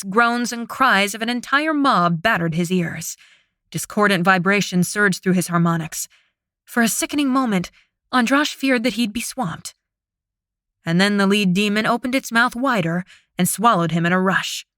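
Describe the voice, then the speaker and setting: Dry, steady woman audiobook narrator. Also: mid-range voice, normal speed, no room sound. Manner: steady, dramatic reading. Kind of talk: scripted narration.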